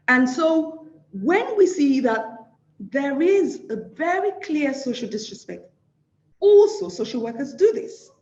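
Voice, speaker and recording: A woman's voice: on the high side, mellow, echoey room, highs cut off. A woman with a Nigerian accent giving an award lecture, emphatic and repeating phrases for stress.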